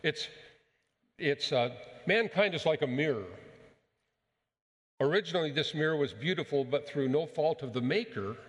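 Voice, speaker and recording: This sermon comes from a male pastor whose medium-pitched voice carries a big-room sound. Emphatic yet measured, he challenges the congregation with rhetorical questions.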